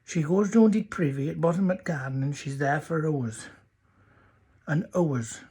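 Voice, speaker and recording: A man with a North Yorkshire accent voicing an old countryman confiding, deadpan, about his wife. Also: a little high, normal speed, slightly rough.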